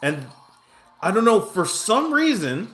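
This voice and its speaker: A man with a somewhat high voice tells a meandering story as he plays. He trips over his own sentences, restarts them, and keeps cracking self-deprecating jokes. Faint game music plays quietly in the background. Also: very animated, slow. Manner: rambling, full of restarts and asides; self-mocking humor. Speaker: gaming streamer. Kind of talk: casual storytelling while playing.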